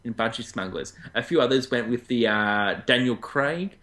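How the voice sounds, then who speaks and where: A man's voice: expressive, moderate pace, pushed and bright. Chatty Australian man co-hosting. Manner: chatty, jumps up in pitch for jokes. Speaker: co-host. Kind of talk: casual podcast chat.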